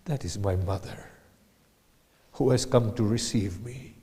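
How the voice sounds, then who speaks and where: A man giving a sermon, retelling a tragic story slowly, swinging from hushed whispers to loud anguished cries. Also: fairly low pitch, in a large hall. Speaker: lecturer.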